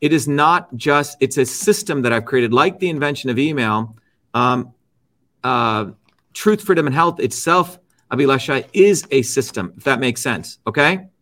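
A middle-aged man is interviewed and gets argumentative, lecturing forcefully. His mid-range voice is expressive and fairly bright, at a moderate pace. He circles back to key phrases and punctuates with "okay?" and "right?".

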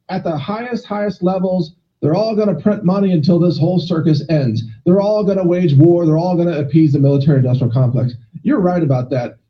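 A man's voice: sits high, muffled recording. A man from Texas, interviewing and earnestly pushing back with policy points in a political debate. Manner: earnest, conservative pushback.

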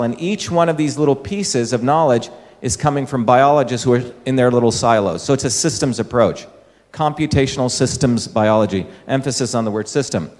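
Male speaker giving an explanatory public talk, average pitch, recorded with hall reverb. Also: a little mellow. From India. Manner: explanatory, with rhetorical questions to the audience. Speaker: speaker addressing an audience. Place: large hall with an audience. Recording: echoey hall.

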